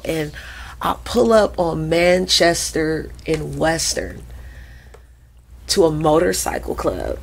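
A woman in her forties, a podcast guest who tells stories in a lively, profane way and acts out the voices of people she quotes. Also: sits low, takes it slowly, vocal fry, breathy edge. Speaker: podcast guest, krump dancer. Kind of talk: animated storytelling in conversation.

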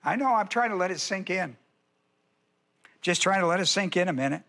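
A male pastor works through a verse in an expository sermon, leaning hard on each point and repeating his key words. His voice sits high and bright for a man, with a forceful edge. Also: expressive, brisk.

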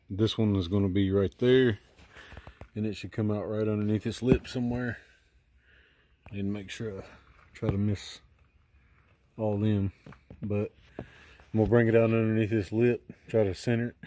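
A man's voice: on the low side, little pitch movement, normal speed, pauses often, noisy background. A middle-aged man hosting a DIY video, casually thinking aloud about his work with lots of ums and uhs, recorded outdoors by a boat. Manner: rambling, thinking aloud with many fillers. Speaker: DIY channel host. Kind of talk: casual how-to explaining.

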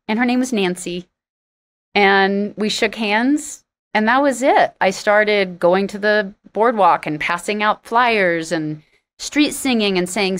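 Woman guest in an interview, candid and sarcastic storyteller, voices the people she quotes. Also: slow pace. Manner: animated, acts out quoted dialogue with big pitch jumps. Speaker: interview guest, singer-songwriter.

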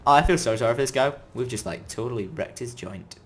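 A man giving chatty, excitable commentary as he plays a game, breaking into sudden loud outbursts. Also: mid-range voice, quick pace. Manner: chatty running self-talk while playing. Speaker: gaming video creator. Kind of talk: let's-play gameplay commentary.

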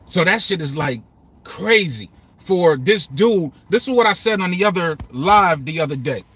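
Male vlogger, raised pitch and bright, husky tone, dry close sound, loose repetitive talk with cursing. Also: expressive, moderate pace. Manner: loose and repetitive, swearing, quoting lines aloud. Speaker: lyric breakdown vlogger. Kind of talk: casual commentary.

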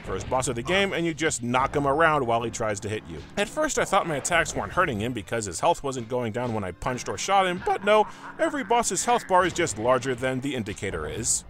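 A man's voice: mid-range voice, sing-song, fairly quick, a bit bright. A man narrating a video game review, sarcastic and profane, breaking into exasperated outbursts.

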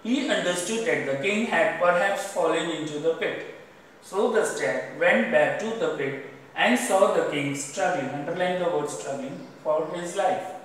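A man's voice: fairly high pitch, unhurried, fairly bright tone, a little hiss or hum. Man with an Indian accent reading a lesson. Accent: Indian English. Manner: repeats "underline the word" between sentences. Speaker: teacher. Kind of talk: reading a story aloud and explaining words. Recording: echoey room, voice far from mic.

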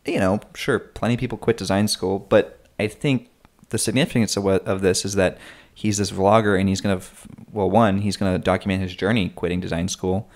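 A young man from North Carolina co-hosting a casual podcast, telling things in a relaxed, animated way with quick asides. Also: sits low. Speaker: podcast co-host. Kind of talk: casual conversational podcast chat.

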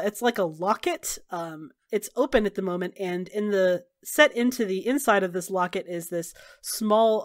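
A woman narrating a tabletop role-playing game as game master, in a relaxed way with many fillers. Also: medium pitch. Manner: relaxed, filler-heavy storytelling.

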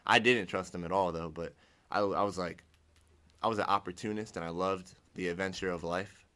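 A young man from Ohio, in the United States, shares his personal testimony in a deep, steady voice that is fairly quick, pushed and bright. He talks casually and rambles, restarting sentences and acting out things he once said.

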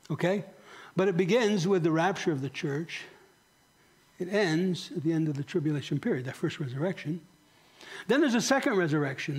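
Man, pastor, sermon, earnest, rhetorical questions, slightly high voice, church. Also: slightly rough. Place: church sanctuary.

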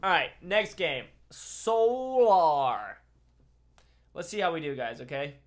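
A man's voice: on the high side, a little fast. A tired man giving joking, trash-talking live commentary over his own gameplay, yelping at big plays. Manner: excitable, yelps and laughs at big plays. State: tired from travel. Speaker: gaming commentator. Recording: music playing behind.

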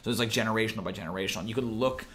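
A man's voice: fairly low pitch, rapid-fire, a bit bright, slight background noise. A young man from Minnesota hosting a casual game-design stream, reading viewer comments and thinking aloud with lots of fillers and restarts. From Minnesota, USA. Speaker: game master and show host.

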